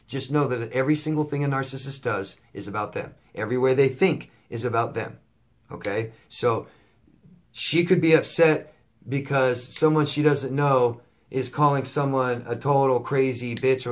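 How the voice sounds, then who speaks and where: A man coaching in a casual to-camera Q&A, blunt and profane, repeating himself with lots of fillers. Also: mid-range voice. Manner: blunt, profane, repetitive phrasing; conversational with many fillers and restarts. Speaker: life coach answering viewer questions.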